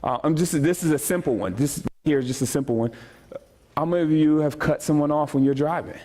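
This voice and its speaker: A man preaching a sermon as pastor, joking and animated, repeating phrases as he speaks to the congregation. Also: fairly high pitch, fairly quick. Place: church sanctuary.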